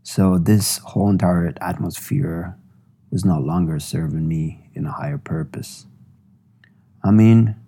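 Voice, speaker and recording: A man reads his memoir in a reflective, measured way. His voice sits low and dark, with a husky grain. He takes his time with each phrase. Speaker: musician narrating his own memoir.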